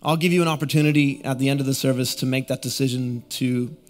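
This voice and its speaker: A man's voice: mid-range voice, steady tone, fast talker. A young adult man preaching a sermon as a guest pastor, drawing the congregation in and having them repeat phrases back. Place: church auditorium.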